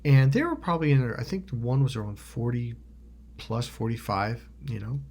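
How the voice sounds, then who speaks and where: A man's voice: mid-range voice, expressive, normal speed. A man telling a personal story in a rambling monologue, restarting often, swearing casually and acting out what others said. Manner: acts out quoted voices loudly. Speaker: motivational video host.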